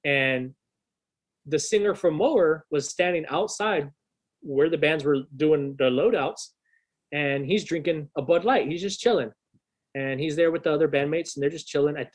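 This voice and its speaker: A man's voice: a little high, normal speed. A young adult man, a guest on a podcast, telling a long profane anecdote in a casual, rambling way with lots of restarts. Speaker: podcast guest and rock musician.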